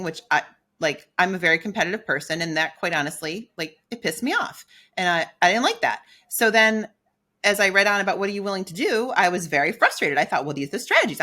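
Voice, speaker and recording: A middle-aged woman co-hosting a podcast, telling a personal story in a candid, animated way and acting out her own inner dialogue. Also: medium pitch, a little fast. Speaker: podcast co-host.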